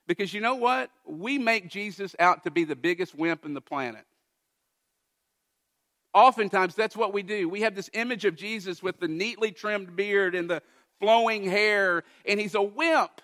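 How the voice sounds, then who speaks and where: A man preaching a sermon as pastor of a church, earnest, rising to emphatic peaks and falling to soft, quiet moments. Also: high voice, a little slow, pauses often.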